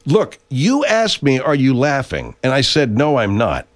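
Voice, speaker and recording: A man's voice: medium pitch, huge pitch swings, unhurried. An actor playing a stuffed-up, profane voice-over performer who argues, stammers and keeps insisting he isn't laughing, in a comic radio bit. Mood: defensive. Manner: argumentative, stammering restarts, profane. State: stuffed-up nose. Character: defensive middle-aged man recording voice-over, insisting he isn't laughing. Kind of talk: comic radio character acting.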